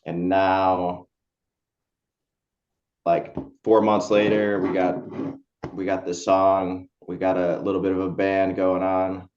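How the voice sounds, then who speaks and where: A man's voice: sits low, completely flat delivery, takes it slowly, darkish tone, lo-fi sound. A man who is a guitarist, telling a story as a podcast guest in a loose, rambling way with lots of fillers. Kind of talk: casual interview chat.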